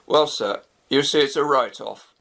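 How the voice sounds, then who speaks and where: A grave, formal police officer, slow and measured, with a gravelly edge. A man reads him as part of a storybook. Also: medium pitch, fairly bright tone.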